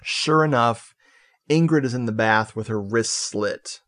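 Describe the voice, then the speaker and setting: A man on a podcast casually recapping a movie plot, animated and joking, with swearing and laughing asides. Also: mid-range voice, measured pace. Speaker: podcast co-host.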